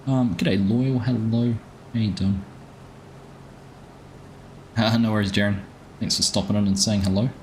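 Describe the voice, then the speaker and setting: A man's voice: on the low side, fairly even intonation, unhurried, pauses often, a little hiss or hum. A man hosting a live gaming stream, chatting casually and greeting viewers by name as he plays.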